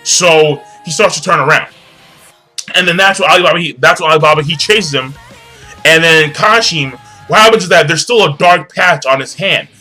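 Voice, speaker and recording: A young man casually recapping an anime episode, rambling with lots of fillers and profanity, breaking into excited shouts. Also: fairly high pitch, normal speed, soft background music. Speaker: anime reviewer.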